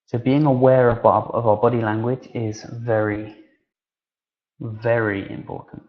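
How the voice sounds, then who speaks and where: A man's voice: mid-range voice, measured pace, muffled recording. Chatty male teacher trainer on a webinar. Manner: relaxed, conversational, with many fillers and restarts.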